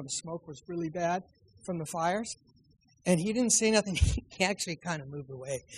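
A high-pitched male pastor tells a personal story from the pulpit. He acts out each quote and then drops into soft, quiet asides. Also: rough recording. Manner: animated anecdotal storytelling with acted quotes. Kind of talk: sermon storytelling.

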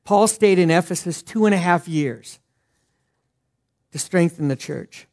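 A middle-aged male pastor preaching a sermon earnestly, swinging from loud emphasis to hushed lines. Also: sits high, expressive, measured pace.

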